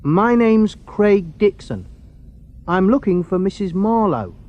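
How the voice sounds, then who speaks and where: A man's voice: sits high, big pitch swings, takes it slowly, lo-fi sound, pitched above the performer's own voice, exaggerated voice. A man voicing a young male student starting as a night cleaner, polite and earnest, in a storybook reading. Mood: eager.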